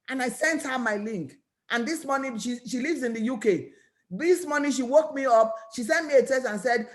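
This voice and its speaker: High-voiced woman with a Nigerian accent, pitching eagerly. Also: a little fast. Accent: Nigerian English. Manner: energetic, repetitive, preachy. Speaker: network marketing business owner. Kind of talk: motivational talk to camera.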